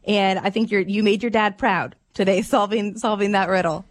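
A woman's voice: medium pitch, steady tone, moderate pace. Chatty woman radio co-host. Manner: chatty storyteller, laughs while telling. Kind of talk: casual radio chat.

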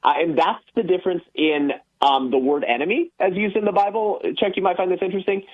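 Guy calling in to a talk show, husky, explains stuff earnestly with lots of ums, sounds like a phone line. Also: high voice, fairly even intonation, quick pace. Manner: earnest, explanatory, many fillers. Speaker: guest. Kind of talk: conversational radio talk.

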